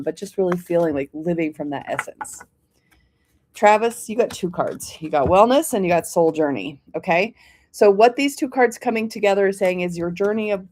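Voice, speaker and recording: A woman hosting a live stream, reading oracle cards for viewers by name in a gentle, encouraging way and often checking in with "okay?". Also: fairly low pitch. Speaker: oracle card reader, host of a weekly live stream.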